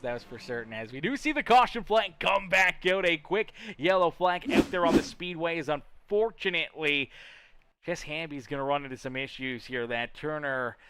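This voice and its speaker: A man's voice: on the high side, fairly bright tone, smooth. Chatty man calling a sim race. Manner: chatty and teasing, repeats phrases, stumbles over words. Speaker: sim racing league commentator. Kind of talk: live play-by-play commentary mixed with chat replies.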